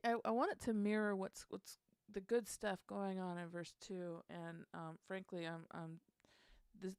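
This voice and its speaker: A woman's voice: lowish voice, gravelly, clear, resonant tone, dry recording. A woman hosting a casual songwriting session, thinking aloud and trying out lyric lines under her breath.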